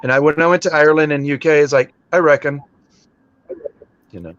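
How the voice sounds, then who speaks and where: A man's voice: on the high side, steady tone, racing, a bit bright, no room sound. A man with a Texan accent chatting easily in a casual talk, with hesitant phrasing. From Texas, United States. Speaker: co-host. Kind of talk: casual chat. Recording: dry, dull lo-fi audio.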